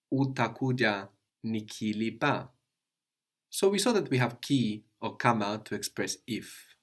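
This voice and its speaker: Man, low voice, patient teacher, explains step by step, asks questions. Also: expressive, a little slow. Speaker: language teacher. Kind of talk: guided language lesson.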